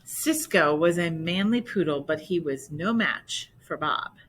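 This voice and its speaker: Slow, bright-voiced woman reading a picture book. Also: low voice, lively intonation, slight background noise, low-quality recording. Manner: slow, explaining asides. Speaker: storybook reader.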